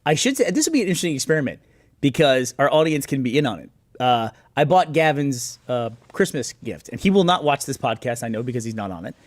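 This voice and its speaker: Give me an animated man telling a funny story on a podcast, with a dry, close studio sound. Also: mid-range voice, quick pace, no room sound. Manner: animated, laughs through his stories. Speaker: podcast co-host. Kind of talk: casual storytelling chat.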